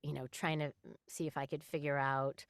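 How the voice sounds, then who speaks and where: A woman voice actress chatting in an interview, her voice sitting a little low for a woman. She is animated and talkative, laughing easily between thoughts. The sound is close and dry. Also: brisk, gravelly, dry recording. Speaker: voice actress guest. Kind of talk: casual interview chat.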